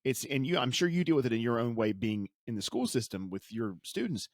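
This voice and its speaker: A man's voice: medium pitch, big pitch swings, brisk, dry recording, clean studio sound. A man in his forties co-hosting a casual podcast chat, teasing and cracking jokes. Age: 40s. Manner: teasing, wisecracking. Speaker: podcast co-host.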